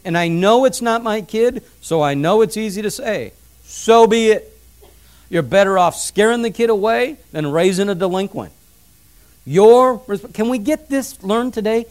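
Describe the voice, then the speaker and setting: A middle-aged man preaching a sermon, emphatic, repeating his points and telling family stories. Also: sits high. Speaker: pastor. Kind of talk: sermon on parenting.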